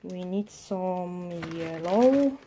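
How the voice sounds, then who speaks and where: A woman's voice: fairly low pitch, lively intonation, extremely slow, warm tone, slight background noise. A woman nail artist chatting on a live tutorial stream, narrating as she tidies her desk, with non-native phrasing. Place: home work desk.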